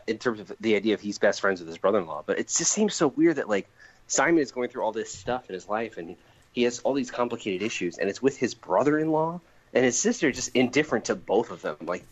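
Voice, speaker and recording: Male podcast co-host, chatty, expressive, lots of laughs. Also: on the low side, brisk, low-quality recording. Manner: animated, laughs often, acts out quotes. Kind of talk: casual chat about comics.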